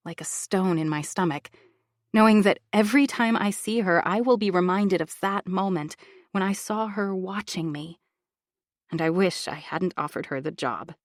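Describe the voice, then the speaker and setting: A woman reading a first-person audiobook thriller in an expressive, confiding inner-monologue style. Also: lowish voice, dry recording, clean studio sound. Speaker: audiobook narrator.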